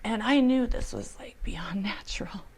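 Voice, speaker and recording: A woman's voice: medium pitch, moderate pace, darkish tone, husky. A woman telling an earnest, emotional personal testimony, sometimes dropping to a whisper. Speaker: storyteller.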